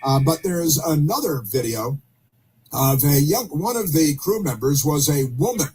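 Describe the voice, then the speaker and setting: A man hosting opinionated talk radio, speaking haltingly with many fillers and restarts and dropping sarcastic asides. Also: a little high, lively intonation, a little mellow, a little hiss or hum.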